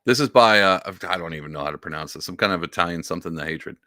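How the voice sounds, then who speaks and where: A man's voice: sits low, fast talker, sharp tone, no echo, clean studio sound. A man hosting a casual commentary show, reading posts aloud with sarcastic, heavy emphasis. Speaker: podcast host.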